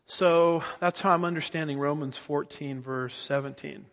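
Middle-aged male pastor, emphatic teaching sermon, raised pitch, muffled reverberant church recording. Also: steady tone, normal speed, vocal fry, a bit bright. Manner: emphatic teacher, asks the congregation rhetorical questions. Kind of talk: expository sermon.

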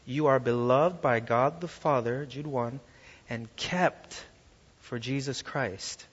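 A man's voice: medium pitch, slow, slightly rough. A man preaching a sermon to a congregation, emphatic and asking them rhetorical questions. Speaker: pastor. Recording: lo-fi sound with long hall reverb.

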